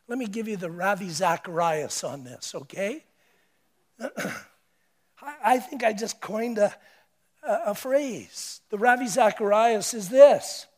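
Male preacher, high-pitched, emphatic sermon delivery with hushed and loud swings. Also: takes it slowly.

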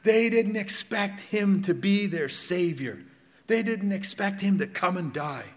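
A middle-aged man preaching a sermon in a conversational way, asking the congregation questions and swinging between loud and hushed. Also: high-pitched, lively intonation, measured pace, in a large hall. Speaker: pastor. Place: church hall.

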